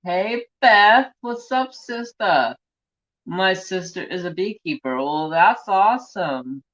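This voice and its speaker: A man's voice: sits high, animated, slow, fairly bright tone. A man from the United States hosting a crafting channel, chatting casually on a live stream, telling stories and reading out viewer comments. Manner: chatty storyteller, reads viewer comments aloud. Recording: dull lo-fi sound.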